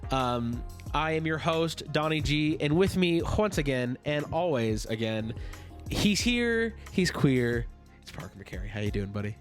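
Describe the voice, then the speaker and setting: A man's voice: fairly high pitch, animated, soft background music. A young man hosting a casual comedy podcast, joking and swearing, still getting over being sick. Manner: joking, swearing, quick banter. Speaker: podcast host.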